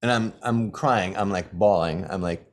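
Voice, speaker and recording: Guy with a lowish voice telling stories as a teacher, repeats his points a lot. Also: normal speed. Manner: emphatic, repeats key phrases. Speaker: shamanism teacher. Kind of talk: casual teaching talk with personal stories.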